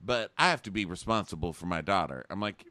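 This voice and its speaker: Man, sarcastic podcast co-host, animated pitch, bright voice, dry close sound. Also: fast, no room sound. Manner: sarcastic, acts out quotes in mocking voices. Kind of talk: casual chat recapping a TV show.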